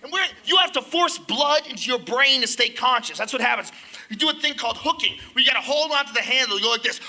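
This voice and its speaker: A man doing stand-up comedy, telling a story in a loud, animated, profane way. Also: very high voice, quick pace.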